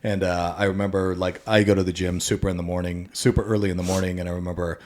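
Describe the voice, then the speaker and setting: Deep-voiced laid-back male host. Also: fast talker, few pauses. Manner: laid-back, rambling, animated anecdotes. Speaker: podcast host. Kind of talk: casual conversational storytelling.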